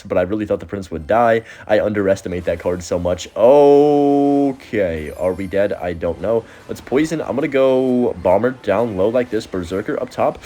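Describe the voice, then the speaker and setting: A young man talks quickly over his own match, his voice sitting low most of the time. He calls plays in a rapid, casual flow and jumps high when the game surprises him. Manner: rapid, excitable, with sudden high-pitched outbursts. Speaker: gaming video host. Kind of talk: live gameplay commentary.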